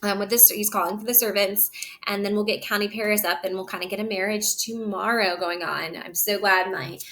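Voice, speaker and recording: A woman reads a play aloud, line by line, then explains each passage in relaxed, everyday words. Her voice is bright and clear, and her manner is that of a teacher walking a class through the text. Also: mid-range voice, fairly quick. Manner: switches between reading lines aloud and plain paraphrase. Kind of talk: read-aloud with casual explanation.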